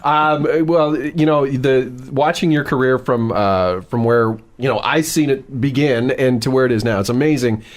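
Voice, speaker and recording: A man's voice: mid-range voice, normal speed, few pauses. A man co-hosting a podcast, talking casually and rambling through his thoughts. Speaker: podcast co-host.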